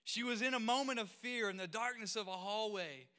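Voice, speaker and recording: A man in his thirties preaching, telling animated, self-mocking stories with sudden loud exclamations. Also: high voice, brisk, smooth. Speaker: pastor. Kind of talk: storytelling sermon.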